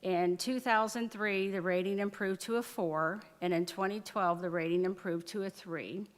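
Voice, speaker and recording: At a city council meeting, a woman council member gives a committee report in a reverberant chamber, reading from notes with many fillers. Her mid-range voice has fairly even intonation and a normal pace.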